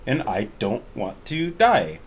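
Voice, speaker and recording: A man voicing a wealthy, oddly energetic young woman archaeologist in a tabletop game, talking bluntly and brightly. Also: fairly low pitch, full character voice. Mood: chipper. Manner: bubbly, blunt, fast-talking.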